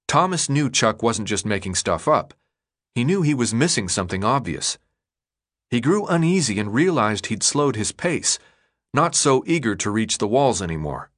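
Man, audiobook narrator, mid pitch, animated melody, dramatic storytelling. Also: moderate pace. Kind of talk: scripted narration.

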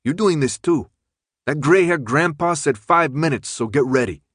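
A man's voice: a little high, normal speed, a bit bright, no room sound, clean studio sound, pitched above the performer's own voice. A man doing a pushy, teasing young guy. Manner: teasing, urging.

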